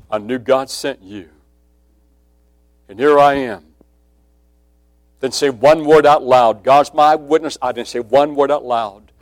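A man preaching a sermon with a personal testimony, speaking emphatically and dropping to a hushed voice when quoting. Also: mid-range voice, no room sound.

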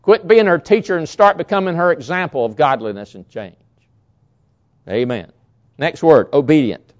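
Preaching at a normal pace in a fairly high voice, this male pastor stresses his points by repeating key words and alternating between loud and quiet lines. The sound quality is lo-fi.

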